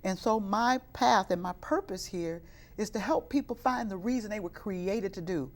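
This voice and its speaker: A woman with a medium-pitched voice speaks at a moderate pace while giving interview testimony about her life. She is a middle-aged youth minister from the west side of Chicago whose earnest telling rises into fervent, preaching-style moments.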